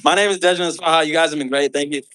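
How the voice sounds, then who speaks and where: A man's voice: on the high side, fairly even intonation, rapid-fire, bright, forceful tone, a little hiss or hum. A man on a comedy club stage performing a stand-up set with punchy, confident delivery.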